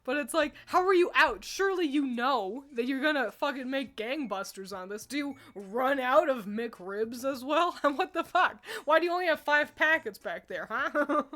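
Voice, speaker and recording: A woman's voice: high-pitched, lively intonation, measured pace, a bit bright. A young woman streamer chatting casually with her live chat, laughing often and swearing freely. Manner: giggly, laughs often between remarks.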